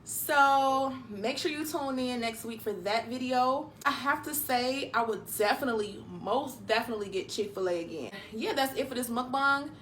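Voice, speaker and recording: Young woman rambling thru a storytime mukbang, lots of "like", kinda high voice. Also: normal speed, hardly any pauses, a bit bright, slight background noise. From Detroit, USA. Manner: chatty, loose, full of "like" fillers. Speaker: mukbang vlogger. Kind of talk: casual storytime chat while eating.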